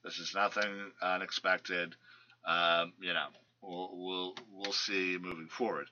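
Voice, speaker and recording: A man's voice: low-pitched, level tone, slow pace, bright, forceful tone, muffled recording, slight background noise. A man hosting a casual sports podcast, rambling through player news with lots of fillers and restarts. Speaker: fantasy football podcast host.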